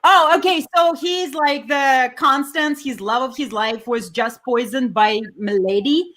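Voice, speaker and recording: High-voiced woman, slow careful talk. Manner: sings softly, then explains in halting speech. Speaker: guest actress. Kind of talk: casual video-call chat.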